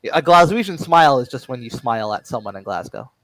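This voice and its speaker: A man's voice: medium pitch, animated, fast, a bit bright, no echo, faint music behind, rough recording. A man chatting jokily while playing a game, stammering through restarts and giggling often. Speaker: let's play co-host. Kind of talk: casual chat over gameplay.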